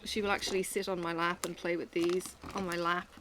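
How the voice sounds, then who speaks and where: A woman's voice: on the low side, little pitch movement, a little fast, heavy background noise. A middle-aged woman chatting candidly and rambling as she works, swearing freely. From Australia. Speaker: vlogger. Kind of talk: casual chat while working.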